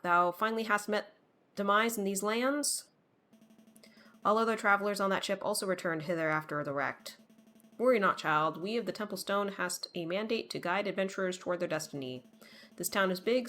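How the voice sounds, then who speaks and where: A woman voicing a solemn temple guide in a video game, speaking slowly in formal, old-fashioned phrasing. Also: medium pitch, fairly bright tone, close to an everyday voice.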